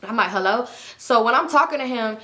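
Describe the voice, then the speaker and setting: A woman's voice: a little high, fast talker, pushed and bright. A young woman telling a storytime vlog in casual slang, addressing her viewers as y'all. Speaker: vlogger.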